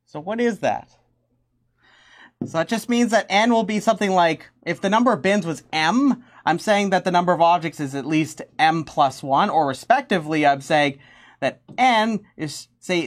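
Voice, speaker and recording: A woman teaching a math lesson in a loose, chatty way, with a somewhat low voice that swings up and down a lot as she talks. She laughs easily and gets carried away with excitement, and the talk stays informal throughout. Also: moderate pace. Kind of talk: casual math lesson with props.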